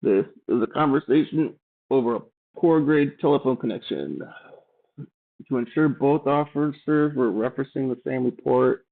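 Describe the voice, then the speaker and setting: A man reading old documents aloud and adding offhand, halting remarks as he thinks aloud. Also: mid-range voice, creaky. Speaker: channel host. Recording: tinny phone-like sound.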